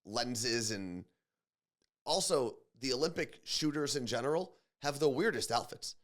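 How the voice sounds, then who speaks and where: A man's voice: medium pitch, lively intonation, unhurried. A man co-hosting a morning show, chatting casually and with strong opinions, often repeating words as he thinks. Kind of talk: casual radio show banter.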